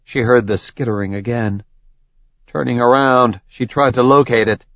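Male audiobook narrator, gravelly and unhurried, dull dry sound. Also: mid-range voice, a bit bright, no room sound. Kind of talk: scripted narration.

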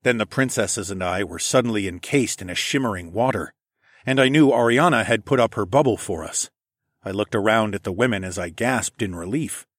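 A man's voice: lowish voice, no echo, clean studio sound. A man narrating a fantasy story in first person, reading steadily. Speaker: audiobook narrator.

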